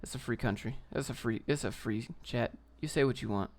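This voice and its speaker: A man's voice: mid-range voice, brisk. Young guy on a livestream, brash and slangy, ranting at chat. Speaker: livestream host. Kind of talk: casual livestream chat, reading viewer comments.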